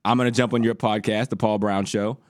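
A man's voice: on the low side, fairly even intonation, fairly quick, no room sound, studio quality. An American man hosting a casual sports podcast, teasing his guests and laughing often. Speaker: podcast host. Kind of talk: casual chat.

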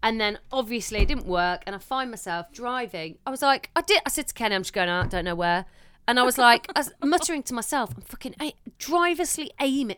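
A woman's voice: a little high, animated, fast, fairly bright tone, clean tone, no echo. A woman in her thirties, co-hosting a casual chat and telling everyday stories with casual swearing, acting out what she said to people. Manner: chatty storyteller who swears and acts out her own quotes. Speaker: podcast co-host.

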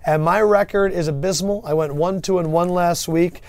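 A man's voice: sits high, moderate pace, dry recording. A man hosting a casual sports podcast, teasing his co-host and announcing segments like a game-show host.

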